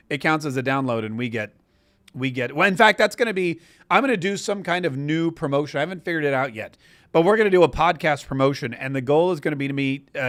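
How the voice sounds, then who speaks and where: In casual live-stream chat, an American host in his forties tells a long story that wanders and restarts many times. His voice is on the high side and fairly bright, with no room sound.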